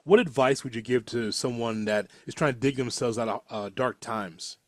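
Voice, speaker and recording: Man gently asking questions, dry sound. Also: mid-range voice, normal speed, no echo. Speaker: interview co-host. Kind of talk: casual interview questions.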